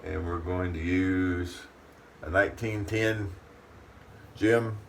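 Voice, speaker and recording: Speaking slowly with fairly even intonation, this man runs a shaving channel and talks casually to the camera from his bathroom, folksy and fond of calling himself by the third person. His low voice has a fairly bright tone, picked up by a distant mic with faint room noise.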